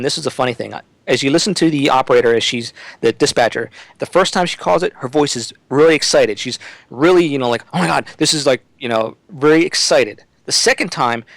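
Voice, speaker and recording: A man's voice: fairly high pitch, gravelly, dry recording, poor audio. A man as a guest on a talk-radio interview, speaking emphatically and often restarting his sentences.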